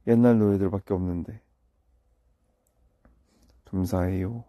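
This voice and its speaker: This young singer sounds sleepy as he talks casually on a late-night phone livestream, reading comments and responding in a murmured, low-key way in both English and Korean. Though his tone is steady and mellow, he speaks at a racing pace, with no echo.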